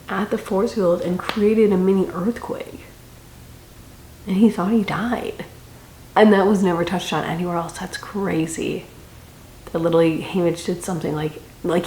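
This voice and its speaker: A woman's voice: on the low side, darkish tone. A young woman giving a casual, chatty book review with dramatic reactions and rambling asides. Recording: echoey room with faint noise.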